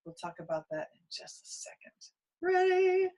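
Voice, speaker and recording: Breathy woman coaching a voice lesson. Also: very high voice, very animated, a little fast, poor audio. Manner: encouraging, cueing exercises with short prompts. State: out of breath between exercises. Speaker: singing teacher. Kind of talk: voice lesson with vocal exercises.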